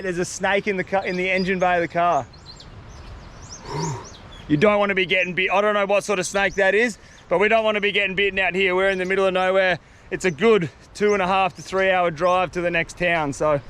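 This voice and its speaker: A young man, vlogging outdoors in the bush, rambling excitedly in casual slang. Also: sits high. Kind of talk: casual outdoor vlog narration.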